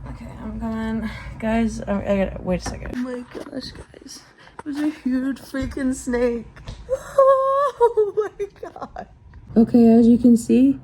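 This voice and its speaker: A young woman vlogging casually outdoors, rambling and excitable, swearing casually and calling her viewers bro. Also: fairly high pitch, a little hiss or hum. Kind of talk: casual vlog talk to viewers. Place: outdoors at home.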